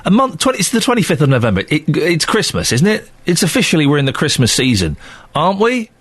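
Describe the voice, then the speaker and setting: A man's voice: fairly high pitch, sing-song, fast talker, fairly bright tone, slightly rough. A man hosting a radio phone-in, chatting casually and bantering with callers in a jokey, exasperated way.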